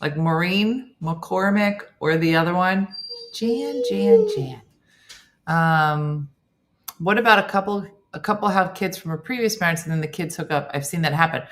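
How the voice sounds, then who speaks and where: A woman's voice: fairly low pitch, moderate pace, a bit bright. A middle-aged woman hosting a casual morning show, reading viewer comments and reacting with chatty asides. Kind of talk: casual chat.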